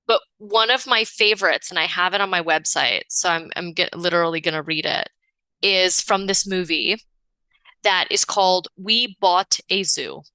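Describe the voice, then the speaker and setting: A bright, lively woman coach chatting on a podcast, cursing often and jumping high in pitch as she acts out stories. Recorded close and dry, with no room sound. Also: normal speed, clear, resonant tone, no room sound. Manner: expressive, swears freely, big pitch swings when acting out stories. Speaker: podcast guest, relationship coach. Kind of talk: casual conversational interview.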